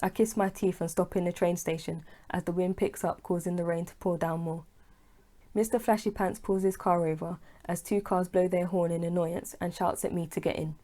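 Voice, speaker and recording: A woman reading her own novel aloud, telling it unhurried in the first person. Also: lowish voice, fairly even intonation, warm tone. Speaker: author and narrator. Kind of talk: audiobook reading.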